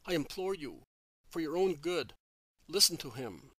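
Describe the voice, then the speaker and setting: A man's voice: on the high side, very animated, a little slow, a bit bright, husky, dry recording, full character voice. A man reading as a kind, devout apostle. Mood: earnest. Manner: kind, patient and explaining. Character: earnest male apostle, gentle and devout.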